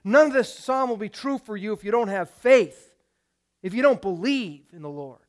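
Pastor, male, fairly high voice, emphatic sermon delivery with rhetorical questions to the congregation. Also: animated, normal speed.

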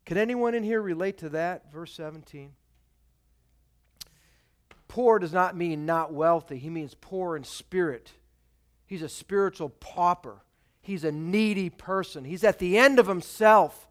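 A male pastor preaching a sermon, reading scripture dramatically and swinging between loud emphatic peaks and quiet, dropped phrases. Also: fairly high pitch, animated, unhurried.

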